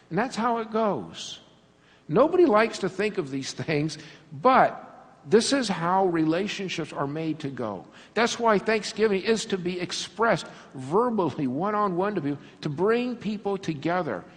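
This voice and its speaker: A man preaching a sermon, an animated storyteller who laughs often and acts out little scenes. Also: high-pitched, big-room sound. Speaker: pastor.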